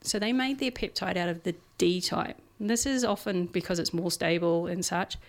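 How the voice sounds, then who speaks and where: A woman's voice: on the low side, normal speed. A woman co-hosting a casual science podcast, explaining research in a chatty way with everyday examples and frequent fillers.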